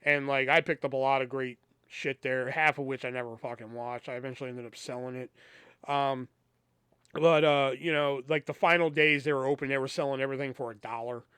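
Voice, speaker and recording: A man's voice: medium pitch, fairly even intonation, fairly quick, a bit bright, clean tone, dry recording. A man hosting a podcast, telling a casual, profanity-laced story and acting out both sides of the conversations. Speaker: podcast host.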